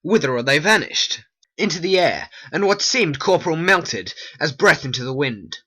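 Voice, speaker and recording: A hobby voice actor voicing a troubled, ambitious nobleman in a homemade stop-motion play, speaking in a brooding, measured way. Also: mid-range voice, animated, fairly bright tone, breathy edge. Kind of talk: homemade animation voice acting.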